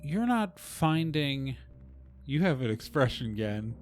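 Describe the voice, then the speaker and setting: A man's voice: mid-range voice, big pitch swings, unhurried, soft background music. A man running a tabletop role-playing game as game master, explaining the scene and the rules while thinking aloud.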